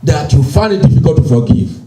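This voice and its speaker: A man preaching a sermon, slow and emphatic, repeating phrases and quoting scripture. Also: on the high side, expressive, dark tone, roomy sound, low-quality recording. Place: church.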